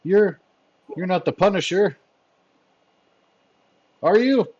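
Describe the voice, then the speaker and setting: A man's voice: expressive, takes it slowly, a little mellow, muffled recording, full character voice. A man voicing a scared male henchman who stammers and pleads in a raised voice. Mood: pleading. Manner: high-pitched, stammering pleas.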